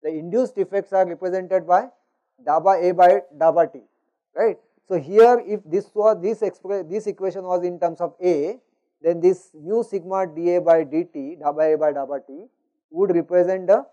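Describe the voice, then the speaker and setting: Brief: man lecturing, mellow fairly high voice, lo-fi classroom recording. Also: normal speed. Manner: explanatory, frequent "you know" and "is it not?". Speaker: university lecturer.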